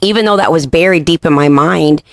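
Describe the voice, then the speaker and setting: A speaker from England recounts a childhood memory in an earnest, personal tone. The voice is mid-pitched and recorded close and dry, with no room sound. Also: a little fast, a bit bright, no room sound. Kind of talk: personal storytelling.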